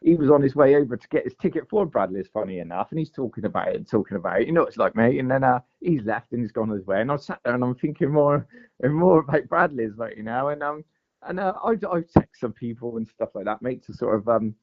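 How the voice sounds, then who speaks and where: A man's voice: mid-range voice, expressive, fast talker. Rambling man, dull lo-fi sound. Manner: rambling, lots of fillers and "mate". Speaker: guest angler. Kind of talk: casual storytelling chat. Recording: dull lo-fi podcast audio.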